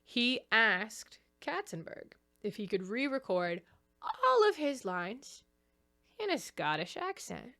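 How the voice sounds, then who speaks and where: A young woman hosting a casual commentary video essay, chatty and animated, laughing often. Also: fairly high pitch, slow pace, soft background music.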